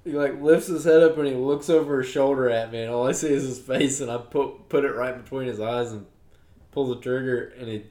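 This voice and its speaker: A man's voice: medium pitch, fairly quick, warm tone, echoey room. A young man co-hosting a hunting podcast, telling stories in an easygoing, matter-of-fact way. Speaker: podcast co-host. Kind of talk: casual chat.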